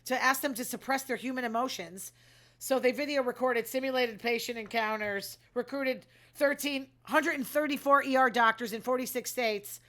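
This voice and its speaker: A woman with a fairly high voice hosts her own casual news show. She reads out headlines and reacts to them with sarcasm and open complaint, and she sighs between stories. By her own account she is emotional and quick to react. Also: fairly bright tone. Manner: calls herself emotional.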